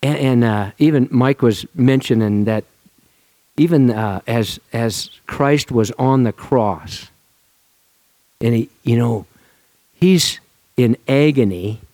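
A male pastor giving a relaxed, conversational sermon to his congregation. He talks informally with frequent restarts and laughs. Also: mid-range voice, takes it slowly, long pauses, no echo.

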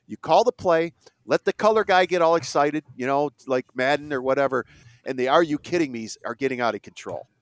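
A man's voice: a little high, a bit bright, no echo, studio quality. Exasperated man ranting on a podcast. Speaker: podcast host. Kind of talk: casual sports chat.

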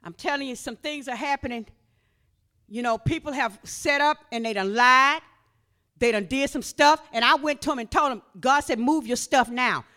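A woman preaching, swinging from quiet talk to shouted exhortation. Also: moderate pace. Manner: impassioned, rising to shouts then dropping low.

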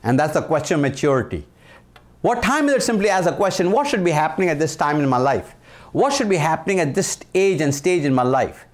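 A man from India, in his sixties and speaking with an Indian accent, gives an emphatic leadership talk meant to motivate. His voice is a little high with lively intonation; he repeats the important phrases and takes the punch lines slowly.

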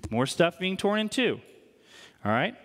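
High-voiced pastor preaching in a reverberant hall. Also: male voice, unhurried. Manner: animated, conversational, asks the congregation questions. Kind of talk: sermon. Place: church hall.

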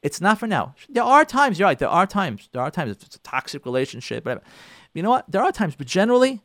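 A man, a rabbi, delivers an emphatic talk with a high, lively voice that swoops up and down. He repeats his points and acts out little quarrels between husband and wife. The sound is dry and close. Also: quick pace, no echo. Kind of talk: sermon-style talk on relationships.

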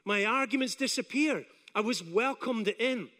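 A Scottish man in his forties, preaching a sermon as an animated, self-deprecating storyteller who acts out his own doubts. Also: very high voice, moderate pace, long reverb tail. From Scotland. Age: 40s.

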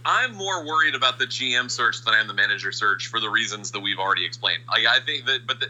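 A man's voice: mid-range voice, animated, fast, bright, forceful tone, lo-fi sound. A man co-hosting a casual podcast chat, joking in a wry way. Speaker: podcast co-host.

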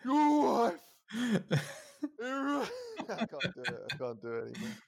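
A man's voice: a little high, takes it slowly, gravelly. A man, telling a story on a casual podcast, swearing and acting out the people he quotes. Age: 30s. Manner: animated, swearing, acts out quoted voices, laughs often. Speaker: podcast co-host.

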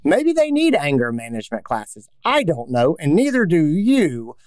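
A man with a fairly high voice hosts a casual podcast discussion. He talks in an emphatic, animated way and works through ideas with quick restarts. The sound is dry and close, with no room echo. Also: clean tone. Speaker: podcast host.

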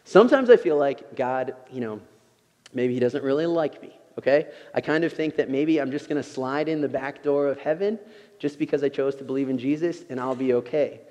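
A man's voice: on the high side, warm tone. Man preaching in a reverberant hall. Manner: conversational, unhurried, with frequent "you know". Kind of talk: sermon.

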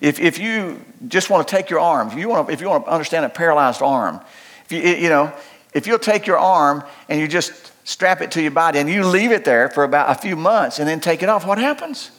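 An older man preaching a sermon as pastor, folksy and humorous, moving between loud preaching and low asides. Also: lively intonation, fairly quick.

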